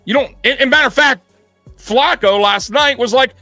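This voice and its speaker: A man with a high, bright voice rants about football as a show host, blunt and profane. He sounds close and dry on the mic. Faint music plays underneath. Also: moderate pace, no echo. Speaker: sports podcast host. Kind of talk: heated sports rant.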